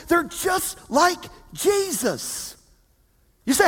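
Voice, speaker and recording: A man delivers a sermon in a strikingly high voice, taking his time over each phrase. He swings from quiet, low asides to loud emphatic cries. His voice rings with the long reverb of a large church hall. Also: expressive, unhurried. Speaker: preacher.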